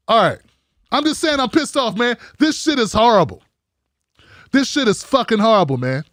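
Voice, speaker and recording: A man with a high voice delivers a fired-up, profanity-heavy rant as host of a live commentary stream. The sound is dry and close. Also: sing-song, normal speed, pauses often, a bit bright, no room sound. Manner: heated, profane and ranting.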